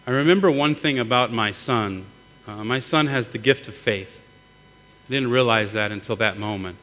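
A man's voice: mid-range voice, moderate pace, bright, forceful tone. A middle-aged man preaching a sermon earnestly, often repeating words as he builds. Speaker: pastor. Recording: long hall reverb, mains hum.

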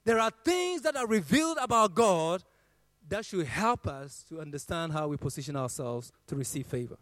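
A high-voiced man preaches, quoting scripture in a swelling, half-sung cadence with lively intonation at a moderate pace. His tone is fairly bright, and the recording is dry and close with no room echo.

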